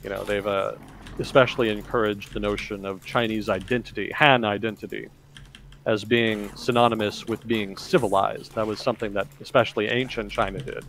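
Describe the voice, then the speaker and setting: A man's voice: on the low side, steady tone, a little fast, gravelly, fairly bright tone, slight background noise. A man, hosting a podcast and explaining at length in a rambling way. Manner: rambling, explanatory, heavy on "kind of" and "you know". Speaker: podcast host. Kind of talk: casual talk-show discussion.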